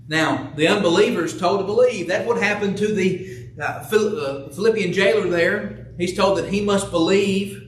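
A man's voice: high voice, normal speed, recorded from a distance, a little hiss or hum. A man preaching a sermon in a church, earnestly asking rhetorical questions and reading scripture aloud. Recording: echoey room, voice from off the mic.

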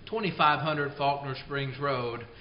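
A man preaching a sermon in a church, folksy and unhurried, reading scripture slowly. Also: medium pitch, a little hiss or hum. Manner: folksy storytelling, slow deliberate scripture reading. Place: church auditorium. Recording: roomy, slightly dull church radio broadcast.

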